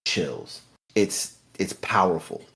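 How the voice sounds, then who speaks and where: Deep, husky, opinionated man. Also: slow pace, fairly bright tone. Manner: opinionated and emphatic. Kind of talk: casual movie-discussion chat.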